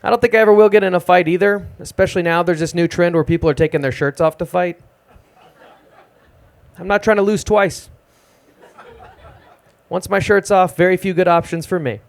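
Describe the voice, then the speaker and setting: Young guy doing dry self-deprecating standup at an open mic, kinda high voice, live club mic. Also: a little fast, creaky, long pauses. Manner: deadpan, self-deprecating delivery. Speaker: stand-up comedian. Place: small live music club stage.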